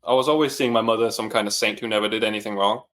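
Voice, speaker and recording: A man speaks in a somewhat low voice, earnest and reflective as he shares his experience. He is a single father and coaching client in a casual interview chat. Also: steady tone, racing, a bit bright.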